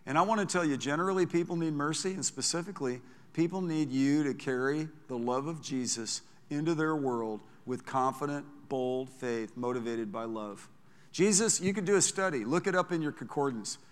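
A man preaching a sermon as pastor, talking in a conversational, animated way with frequent restarts. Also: a little high, normal speed, in a large hall.

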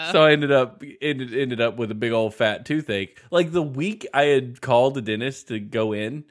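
A man telling a long story in casual podcast chat, rambling and laughing as he goes. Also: mid-range voice. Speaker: podcast host.

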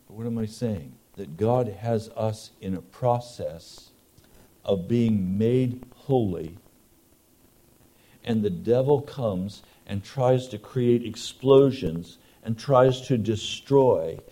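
A male pastor preaching a sermon, moving between loud emphatic lines and hushed, intimate tones. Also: medium pitch.

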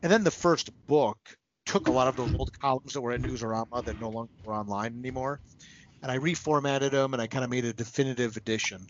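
A medium-pitched man who talks fast is heard over slight background noise as a podcast guest and comics writer. His casual interview manner is sincere and emotional, full of restarts, and he becomes choked up. The podcast audio is dry and somewhat muffled.

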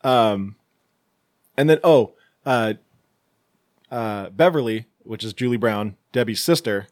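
A man's voice: fairly low pitch, expressive, slow pace, a little mellow, dry recording, studio quality. A man co-hosting a casual podcast, retelling a horror movie plot with laughs. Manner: storytelling recap, laughing. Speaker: podcast co-host. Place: same room as co-host, dry recording.

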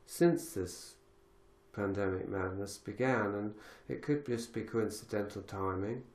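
A man's voice: on the low side, measured pace, darkish tone, echoey room. A man hosting a podcast conversation, reflective and thinking aloud with many fillers and restarts. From lives in Galicia. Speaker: podcast host.

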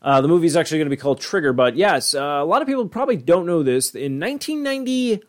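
A man's voice: fairly high pitch, lively intonation, racing. A man co-hosting a podcast in casual chat, rambling, swearing freely and using many fillers. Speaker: podcast co-host.

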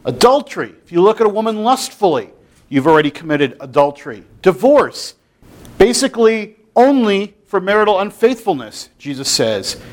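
A man preaching a sermon in a conversational way, with playful, mock-incredulous asides. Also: high-pitched. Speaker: pastor.

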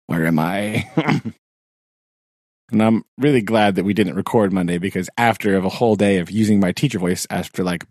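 A man's voice: low-pitched, a little mellow, dry recording, clean studio sound. A man who teaches sixth grade, chatting casually on a podcast, rambling with fillers and frequent laughs. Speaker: podcast co-host. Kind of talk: casual chat.

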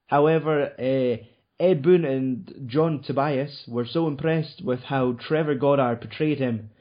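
A man's voice: mid-range voice, measured pace. Swearing guy, dull lo-fi. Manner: swears a lot, rambling with fillers. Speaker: podcast host. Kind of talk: casual chat.

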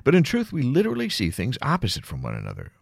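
A man's voice: mid-range voice, wildly swooping pitch, fast talker, creaky, slightly rough, no room sound. A man hosting a late-night solo podcast, rambling through wry asides and dry jokes with small chuckles. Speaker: podcast host. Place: home at night, alone.

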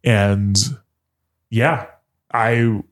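A man casually telling a candid, deadpan story in a chat, swearing freely. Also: fairly low pitch, extremely slow. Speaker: guest telling a dating story.

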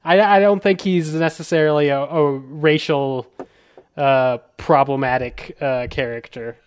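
Brief: American man, podcast host, casual, halting delivery full of fillers, heard over a video call. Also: a little high, clear, resonant tone. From United States. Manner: halting, many fillers and restarts. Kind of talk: casual panel chat.

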